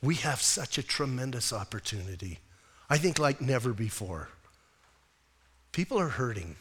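A man preaching a sermon as a pastor, animated and conversational, with many rhetorical questions to his congregation. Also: mid-range voice, normal speed, breathy edge, long reverb tail.

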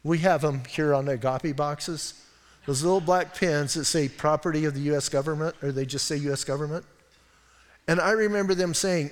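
Older man, pastor mid-sermon, folksy and animated, slightly high voice, reverberant sanctuary. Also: moderate pace. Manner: folksy storytelling, animated asides. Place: church sanctuary.

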